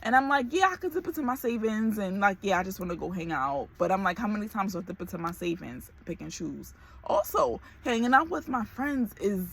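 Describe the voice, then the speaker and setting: Husky-voiced woman confiding. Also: medium pitch, expressive, fairly quick. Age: 40s. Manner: emotional, close to tears, confiding. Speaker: vlogger. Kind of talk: candid personal vlog talk.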